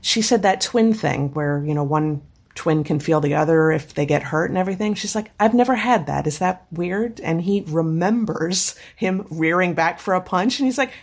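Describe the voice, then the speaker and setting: A husky woman with a low voice co-hosts a casual podcast. She retells scenes with enthusiasm and acts out the characters' lines as she goes. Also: normal speed. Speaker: podcast co-host. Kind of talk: casual chat recapping a webcomic.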